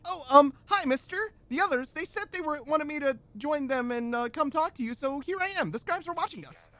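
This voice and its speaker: A man's voice: extremely high pitch, lively intonation, bright, forceful tone, dry recording, pitched above the performer's own voice, heavily acted. A man doing a shy, timid young girl. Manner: hesitant, halting speech.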